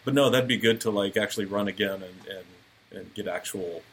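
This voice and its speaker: A man appearing as a software developer guest, answering in an easygoing, explanatory way in a casual interview. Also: fairly low pitch, moderate pace, a little hiss or hum.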